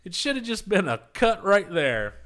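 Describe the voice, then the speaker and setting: A man's voice: sits high, moderate pace. Rambling, cursing podcast guy. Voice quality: profane, rambling, animated retelling. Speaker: podcast host. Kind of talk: casual chat.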